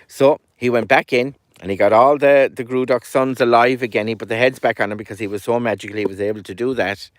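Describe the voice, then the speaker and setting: A man with an Irish accent telling a folk tale as a storyteller, lively and animated, dropping his voice at times. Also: mid-range voice, fast, hardly any pauses, no room sound, clean studio sound.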